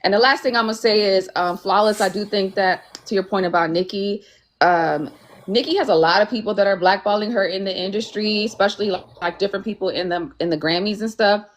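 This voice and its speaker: A woman's voice: medium pitch, fairly quick. A woman on a live-stream panel who argues her view earnestly, hedging with "like" and "um". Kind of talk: casual panel discussion.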